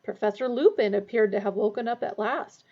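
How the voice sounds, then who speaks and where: A woman reading a novel aloud, giving the characters lively voices. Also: brisk. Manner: lively character voices, raised pitch for dialogue. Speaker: audiobook reader. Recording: dull lo-fi recording.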